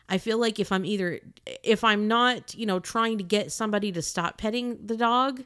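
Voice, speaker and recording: A woman retelling a personal story in a casual, animated and indignant way, acting out the other people's lines. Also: on the low side, no echo, clean studio sound. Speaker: podcaster telling a personal story.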